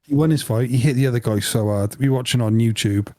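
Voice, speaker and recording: Laughing storyteller. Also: male voice, mid-range voice, quick pace, no room sound. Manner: animated storyteller, laughs a lot. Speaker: podcast co-host. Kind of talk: casual chat.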